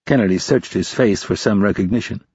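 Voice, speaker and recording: A man narrates a thriller audiobook steadily. His voice is low and husky. The recording is dull and dry. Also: brisk, a little mellow, no echo. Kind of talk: scripted narration.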